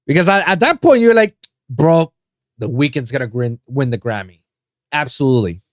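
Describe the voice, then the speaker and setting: A man from Puerto Rico hosting a solo podcast, ranting in a casual, profane way that swings between loud outbursts and low mutters. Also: animated, moderate pace, dry recording, studio quality. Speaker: podcast host.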